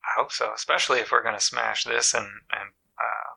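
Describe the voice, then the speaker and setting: A man's voice: medium pitch, fairly even intonation, brisk, creaky, pushed and bright, slightly rough, rough recording. A man in casual conversation about films who laughs often and throws in profane, jokey remarks. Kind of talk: casual film discussion.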